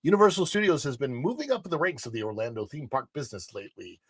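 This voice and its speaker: A middle-aged man hosts a casual news show from a studio, reading articles aloud and breaking off for chatty asides. His voice has a gravelly, fry-tinged texture at a middle pitch. The sound is dry, with no room echo. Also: expressive, fast, fairly bright tone. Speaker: livestream news show host.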